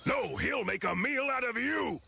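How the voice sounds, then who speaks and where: A man voicing a gruff male soldier bee in a cartoon, with a barking, mocking delivery. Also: extremely high pitch, animated, normal speed, pushed and bright, slight background noise, full character voice.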